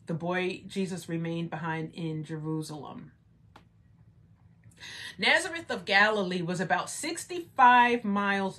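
A woman's voice: fairly low pitch, fairly bright tone. A woman leading a Bible study, reading scripture and commenting in a conversational way, often adding "right?" and rising to emphatic exclamations. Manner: conversational, rhetorical "right?" asides.

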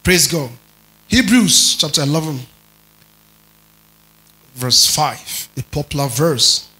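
Man preaching slow n animated, bright voice, keeps asking "right?". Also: fairly high pitch, poor audio. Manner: checks in with listeners, tells them to underline words; stretches and stresses key words, rising to loud emphasis. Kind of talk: sermon teaching.

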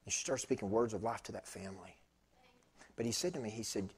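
A man preaching a sermon, telling a story with animated swings between loud bursts and hushed tones. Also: lowish voice, quick pace, vocal fry, husky.

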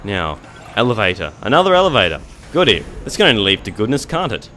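A young man giving jokey, excitable gameplay commentary, talking back to the monsters on screen. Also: on the low side, fast talker, a little hiss or hum. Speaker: let's play gamer.

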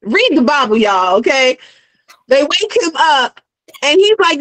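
A woman's voice: high voice, expressive, measured pace, fairly bright tone, no room sound, poor audio. A young adult woman in casual chat, retelling a story with acted-out character voices and frequent laughter. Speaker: guest.

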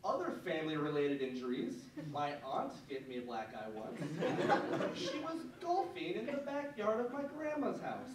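A man's voice: fairly high pitch, wildly swooping pitch, moderate pace. A young man doing a stand-up set, telling self-deprecating stories in a rambling, filler-heavy way, recorded live on a club stage. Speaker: stand-up comedian. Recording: very roomy live club audio, distant, loud background noise. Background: audience laughter.

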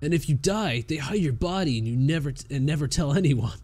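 Spooky kid warning of haunted toys, read by a man, teasing and a bit higher. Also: expressive, fairly quick, darkish tone, husky. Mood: ominous. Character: spooky boy warning of living animatronics.

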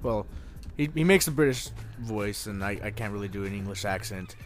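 A young man giving casual, rambling gameplay commentary, swearing and getting excited, over game music. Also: fairly low pitch, brisk. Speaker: let's play gamer. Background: video game music.

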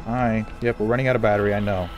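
A man doing let's play commentary on a horror game, excitable, repeating phrases over and over and swinging between low mutters and loud outbursts. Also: fast talker, soft background music. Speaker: gameplay commentator.

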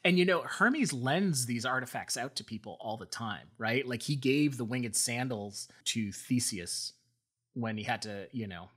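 Husky-voiced man telling myths casually. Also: mid-range voice, a little slow. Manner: animated, playful retelling of myths. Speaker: podcast co-host. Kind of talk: casual storytelling.

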